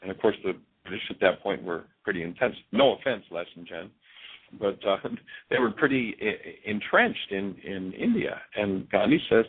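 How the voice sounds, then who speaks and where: A man's voice: lowish voice, lively intonation, moderate pace, slightly rough. A man speaking as a guest on a radio show over the telephone, telling stories earnestly and often restarting his sentences. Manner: earnest, storytelling, frequent restarts. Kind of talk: radio interview talk. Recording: tinny phone line.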